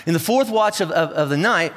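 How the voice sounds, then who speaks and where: Animated high-voiced pastor in a reverberant hall. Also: male voice, a little fast. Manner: animated storytelling with playful asides and acted-out voices. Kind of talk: sermon. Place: large church hall. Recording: church hall with long reverb.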